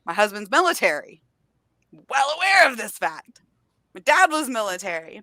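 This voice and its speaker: A young woman with a bright, fairly high voice tells stories on a video call. She acts out the customers and the people in her stories. The sound is dry and close. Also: moderate pace, no echo. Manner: lively storyteller, acts out customers. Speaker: booktuber guest. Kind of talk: casual chat on a live stream.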